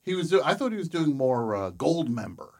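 A man hosting a casual comedy chat show, deadpan and joking, with bursts of loud laughter. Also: a little high, fairly quick. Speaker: host.

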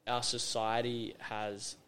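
An Australian man hosts a casual podcast chat in a voice of ordinary middle pitch. He talks emphatically and repeats his phrases for effect. He acts out little scenes as he explains his point. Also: little pitch movement, slow pace, fairly bright tone, smooth. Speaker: podcast host.

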